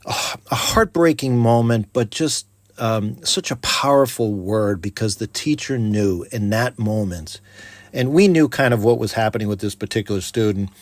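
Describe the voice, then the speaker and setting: Animated male teacher, casual podcast talk. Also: on the low side, moderate pace, no room sound. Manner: animated, acts out classroom quotes, frequent fillers.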